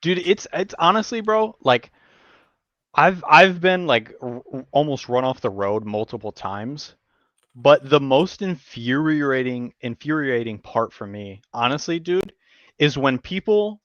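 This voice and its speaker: A man hosting a podcast, telling stories in casual chat, animated and profane, acting out what people said. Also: mid-range voice, a little slow, dry recording, muffled recording. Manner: animated storyteller, swears a lot, acts out quotes. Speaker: podcast host.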